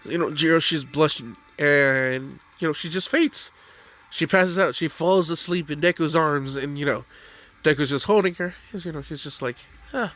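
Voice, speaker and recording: A man's voice: fairly high pitch, moderate pace, a bit bright. A young man improvising a fan story, rambling with lots of fillers. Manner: rambling, full of "you know" and "like".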